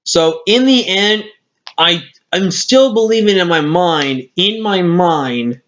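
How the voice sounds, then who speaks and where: Slow yet expressive, his high-pitched voice has a fairly bright tone. The hiccuping, worn-out gaming commentator rambles over a replay and corrects himself, captured with a lo-fi screen-capture mic.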